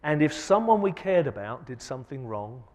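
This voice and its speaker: A man giving a conference lecture, asking the audience rhetorical questions with an emphatic delivery that swings between loud and soft. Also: mid-range voice, very animated, normal speed. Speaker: keynote speaker. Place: large conference hall. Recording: long hall reverb.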